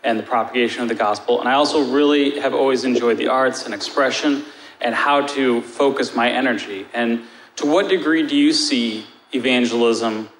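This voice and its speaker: A man's voice: mid-range voice, moderate pace, fairly bright tone. A man in the audience asking an earnest, long-winded question after a lecture. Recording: echoey hall with faint noise.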